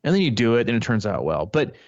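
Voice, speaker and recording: A man's voice: medium pitch, big pitch swings, fast, dry recording, muffled recording. A man coaching triathletes, talking in a rambling casual way with frequent restarts. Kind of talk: casual podcast chat.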